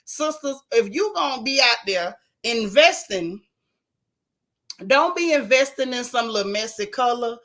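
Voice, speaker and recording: Woman host, casual gossip chat; bright, punchy voice, a bit high, joking folksy storyteller. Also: animated, measured pace. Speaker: show host.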